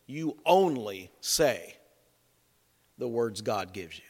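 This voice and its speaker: A preacher voicing a stern, dry-humored angel. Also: male voice, mid-range voice, lively intonation, takes it slowly, in a large hall, voice pushed down. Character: stern sword-bearing male angel, commanding.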